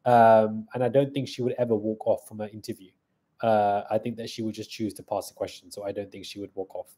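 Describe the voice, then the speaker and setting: A man's voice: lowish voice, flat delivery, a little fast, dark tone. A man hosting a live stream in a casual chat, reading out viewer comments, thanking viewers and answering them on the fly.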